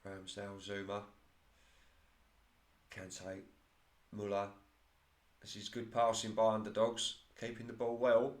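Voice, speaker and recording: Excitable man calling his own football sim. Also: on the low side, slow, pauses often, reverberant. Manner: excitable play-by-play, laughs at his own slips. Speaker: commentator of his own football management game. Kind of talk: casual solo game commentary.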